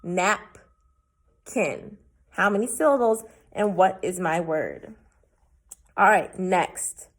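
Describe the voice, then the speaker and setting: A young woman teaching a recorded class lesson, stretching out every word with slow, deliberate care. Her pitch sits in an ordinary middle range, and her unhurried pace gives each sound plenty of room. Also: lively intonation.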